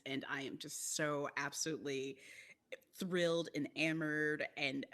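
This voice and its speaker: Brief: woman theatre artist as podcast guest, lower voice, rambling and playful. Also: normal speed. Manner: rambling, animated, playful asides. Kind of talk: casual chat.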